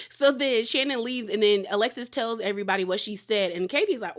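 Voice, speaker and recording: Woman recapping a reality show, animated. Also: a little high, fairly quick, hardly any pauses. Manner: animated retelling with laughter and acted quotes. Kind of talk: casual episode recap.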